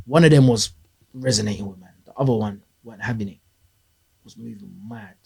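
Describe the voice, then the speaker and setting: Animated man telling a story. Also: medium pitch, a little fast, vocal fry. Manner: animated, slangy, acts out dialogue. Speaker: interview guest. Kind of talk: casual storytelling.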